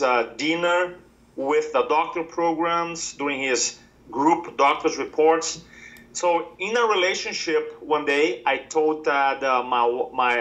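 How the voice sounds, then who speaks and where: A middle-aged man, a podcast guest, telling a personal story in an animated way and acting out the quoted lines. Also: a little high, highs cut off. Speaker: podcast guest, speaker and coach.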